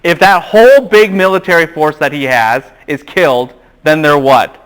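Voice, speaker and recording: A man giving a classroom Bible lecture, animated and quizzing the students with questions. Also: a little high, normal speed, clear, resonant tone.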